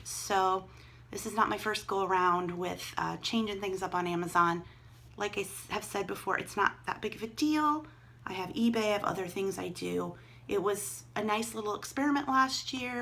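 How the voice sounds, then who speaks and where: A woman's voice: mid-range voice, vocal fry, a bit bright, slight background noise. A middle-aged woman vlogging casually from home, chatting and thinking aloud as she handles items she resells online. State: out of breath. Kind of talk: casual vlog chat.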